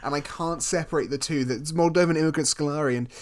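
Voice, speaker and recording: A man's voice: fairly high pitch, fast, very noisy. A man co-hosting a podcast in casual chat, arguing his points in a teasing, mock-stern way. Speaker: podcast co-host.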